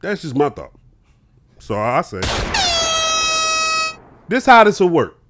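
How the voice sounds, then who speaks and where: Young man, podcast guest, lively high-pitched storyteller who acts out every voice. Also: slow pace, noisy background. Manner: acts out both sides of an argument, laughing as he tells it. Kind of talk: animated storytelling.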